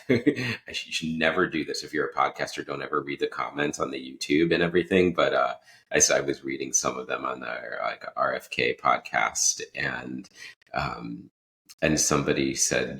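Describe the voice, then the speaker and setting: Man, very low voice, podcast host, casual rambling story, self-interrupting, laughs mid-sentence. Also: fairly bright tone.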